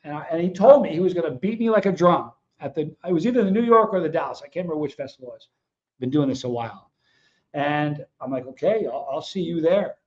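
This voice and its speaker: A man's voice: on the high side, lively intonation, fast, darkish tone. A man hosting his own livestream, talking casually and bluntly to his viewers in a fired-up, confrontational way. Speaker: host of a livestream show. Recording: dull lo-fi sound.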